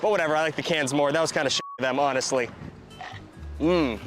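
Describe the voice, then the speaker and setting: Fast-talking, excitable man reviewing food. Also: fairly high pitch, faint music behind. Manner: excitable and profane, quick asides. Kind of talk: casual video review.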